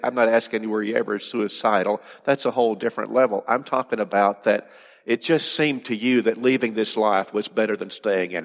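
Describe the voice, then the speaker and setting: A man's voice: lowish voice, long reverb tail. A man preaching a sermon with earnest emphasis, often repeating words and dropping to a near-whisper for effect. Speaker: pastor.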